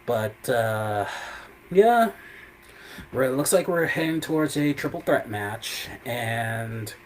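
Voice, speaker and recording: A man's voice: mid-range voice, expressive, slow pace, slight background noise, poor audio. A man hosting a live show who recaps events in a casual, rambling way, full of "you know" and "I mean.".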